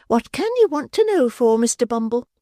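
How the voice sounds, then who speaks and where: Narrator doing a sharp, stern workhouse matron. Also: mid-range voice, sing-song, moderate pace, no echo, studio quality, pitched above the performer's own voice, close to an everyday voice. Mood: flustered. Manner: sharp and indignant. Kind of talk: audiobook character voice.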